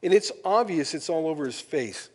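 A pastor preaches at normal speed with a lively, swooping delivery, acting out little conversations with jumps in pitch. His manner is plain and homespun, full of folksy, self-deprecating humor. A long echo makes his voice seem to fill a large church sanctuary.

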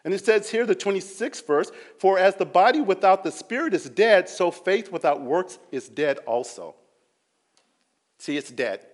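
A man's voice: high-pitched, animated, moderate pace. Man preaching in a reverberant hall. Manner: earnest, rising and falling between loud emphasis and quiet; acts out quoted voices. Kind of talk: sermon.

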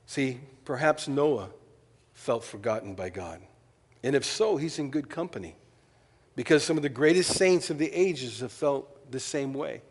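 A man preaching a sermon as pastor, telling stories with lively quoted asides and shifting between loud and soft delivery. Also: mid-range voice, measured pace, long reverb tail. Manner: storytelling, animated asides and quoted voices.

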